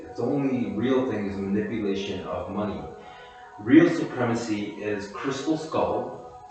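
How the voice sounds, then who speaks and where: Slow, low man in echoey room. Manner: reads posts aloud then muses freely. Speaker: commentator reviewing social posts. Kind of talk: rambling solo commentary. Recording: very echoey room with music behind.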